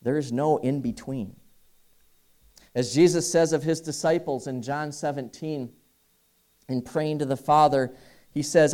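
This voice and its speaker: A pastor preaching an earnest sermon and reading a story aloud with voices. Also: male voice, on the high side, steady tone, measured pace, pauses often, a little mellow. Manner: earnest, reads dialogue aloud from a book.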